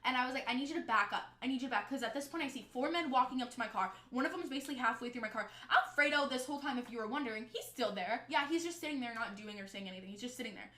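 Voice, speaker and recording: Bright-voiced young woman in an echoey room. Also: fairly high pitch, racing, hardly any pauses. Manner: animated, swearing, quotes people in her own voice. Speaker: streamer telling a story. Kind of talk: casual storytime monologue.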